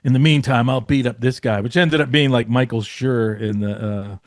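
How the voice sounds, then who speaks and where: Male guest storyteller, mid-pitched, loose and rambling, curses freely, dry close mic. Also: steady tone, normal speed, no room sound. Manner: rambling, profane, lots of fillers. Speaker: podcast guest, former comedy writer. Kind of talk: casual storytelling.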